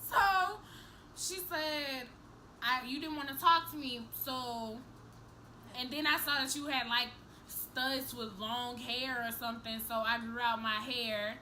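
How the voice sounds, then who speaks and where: A young woman vlogger telling a story to the camera in a casual, animated, profane way, acting out each person's lines. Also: high-pitched, slow, long pauses, background noise.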